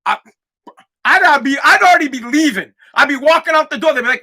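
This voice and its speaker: Podcast host, man in his thirties, loud profane ranter, high bright voice. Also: fast talker. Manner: loud, profane, animated rant. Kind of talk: ranting monologue.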